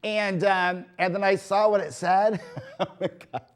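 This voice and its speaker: In a studio, a man hosts a community TV variety show, delivering a gossipy, animated monologue that's casual and packed with "like" and "you know." His voice sits high and he takes his time.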